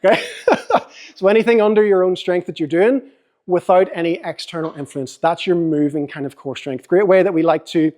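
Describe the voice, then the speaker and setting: A man's voice: high voice, normal speed, darkish tone. A young man with a Northern Irish accent coaching a volunteer through core exercises in a seminar, upbeat and joking. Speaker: fitness coach. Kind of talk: seminar demonstration.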